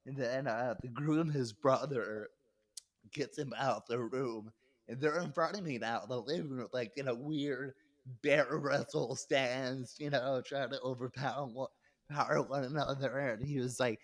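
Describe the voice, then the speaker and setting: A man's voice: medium pitch, measured pace, no room sound. A young adult male comedian telling a story on a podcast, talking loosely, swearing and laughing as he goes. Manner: loose, rambling, swears, laughs mid-sentence. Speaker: comedian guest.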